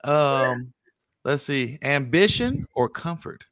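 A man hosting a casual chat show, reading out this-or-that questions in a relaxed way. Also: medium pitch, slow, no room sound. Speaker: host.

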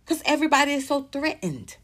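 A woman's voice: high voice, big pitch swings, quick pace, a bit bright, a little hiss or hum. A woman in her fifties giving emphatic, outspoken pop culture commentary. She reads posts aloud, reacts to them and swears freely. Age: 50s. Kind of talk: animated commentary vlog.

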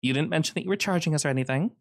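Man putting on a jittery chatty young wife. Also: racing. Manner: jittery, jokey, high-pitched.

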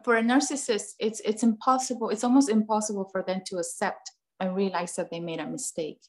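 A woman's voice: medium pitch, fairly even intonation, brisk. Earnest woman repeating her points. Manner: earnest, repeats phrases, acts out parent and child voices. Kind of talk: casual podcast conversation.

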